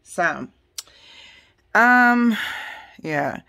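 A chatty woman in her forties with a low voice talks casually to her viewers at home. She keeps calling them y'all and girl as she goes. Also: measured pace, fairly bright tone. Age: 40s. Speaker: lifestyle vlogger. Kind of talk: casual chat to camera. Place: at home, decorating a room.

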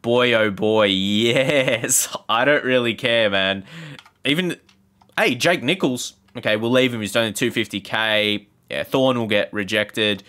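A man commentating his own football video game session, ranting in frustration with sarcastic asides and sudden excited exclamations. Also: medium pitch, measured pace. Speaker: gaming YouTuber. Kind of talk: gameplay commentary.

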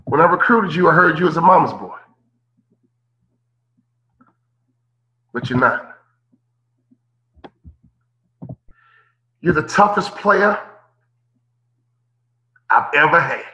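Man playing older basketball coach, gruff but tender, low and hushed. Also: animated, normal speed, reverberant, highs cut off.

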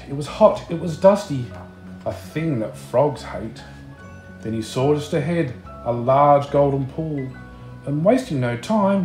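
A man reading a picture book aloud, slow and expressive, chatting to the listener between pages. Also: a little high, echoey room. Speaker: storybook reader.

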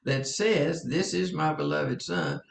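An older man teaching a sermon in an earnest, halting way, with many fillers and repeats. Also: fairly high pitch, creaky, echoey room. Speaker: preacher.

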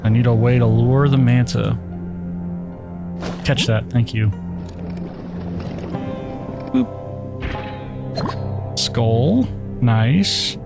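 A man's voice: medium pitch, lively intonation, very slow, gravelly, long pauses, over loud music. A man giving casual, profane commentary while playing a video game, reacting to the action and talking to himself. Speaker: gaming YouTuber.

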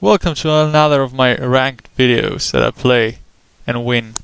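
A man giving profane, excitable commentary over his own gameplay, trash-talking opponents and breaking into laughter and yelps. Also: measured pace, creaky, slight background noise. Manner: frequent laughter and sudden high yelps. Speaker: gamer recording his own match.

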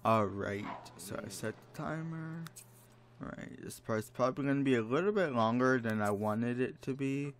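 A man's voice: medium pitch, expressive, normal speed. A man giving casual commentary while playing a life-sim game, exasperated and dramatic, mock-scolding the characters. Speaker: let's play gamer. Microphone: desk microphone.

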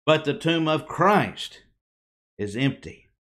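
A man preaching a sermon to a congregation, emphatic, with dramatic pauses, rhetorical questions and phrases that fall away at the end. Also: on the high side, sing-song, fairly bright tone.

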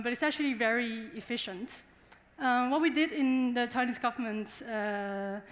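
A woman's voice: fairly high pitch, a bit bright. Woman presenting in a reverberant hall. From Taiwan. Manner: chatty and engaging, addresses the audience directly. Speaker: conference speaker. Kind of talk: conference presentation. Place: conference hall.

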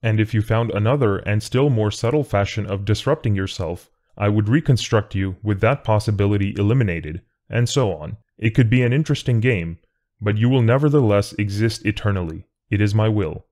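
A low, calm godlike presence, as a man reads it out in an audiobook. It speaks in a measured, tolerant, coolly matter-of-fact way, never hurried. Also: lightly acted. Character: calm all-knowing godlike male voice. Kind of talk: audiobook reading.

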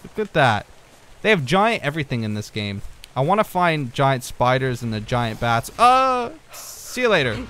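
A young gaming video creator with a medium-pitched voice at normal speed gives laid-back let's-play commentary. He rambles, gets distracted easily, and bursts out excitedly at things he spots on screen.

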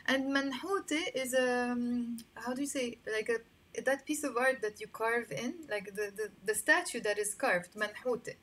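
A young woman with a Lebanese accent teaching Arabic pronunciation in an online lesson, patiently repeating words slowly for learners. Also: a little high, fairly bright tone.

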